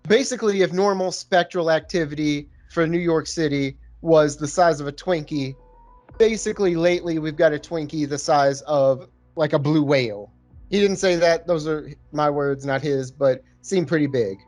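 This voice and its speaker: A man's voice: on the high side, moderate pace, darkish tone, soft background music. A man co-hosting a podcast, chatting casually about a movie over beer and laughing at his own jokes. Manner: jokey, laughs at own lines. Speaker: podcast co-host.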